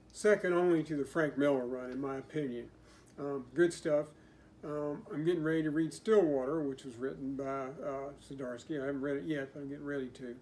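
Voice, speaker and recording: An older man co-hosting a podcast, giving measured, opinionated takes on comic books. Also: a little high, a little mellow. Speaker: podcast co-host. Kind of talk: casual comic book review chat.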